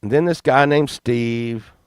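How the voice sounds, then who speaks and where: A man's voice: mid-range voice, unhurried, clear, resonant tone, no echo, clean studio sound. A man telling a crude comic story in a rambling, profane, casual way, laughing along. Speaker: podcast host.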